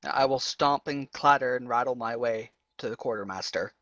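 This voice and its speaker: A man's voice: medium pitch, moderate pace, pushed and bright, no echo, muffled recording. A man playing a tabletop game, talking casually with a few hesitations. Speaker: player.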